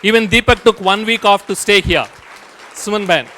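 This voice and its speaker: Bright high-voiced man hosting a gathering. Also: normal speed, a faint crowd, slight background noise. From India. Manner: calling people forward, coaxing. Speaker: event host. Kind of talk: addressing a gathering. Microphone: handheld mic.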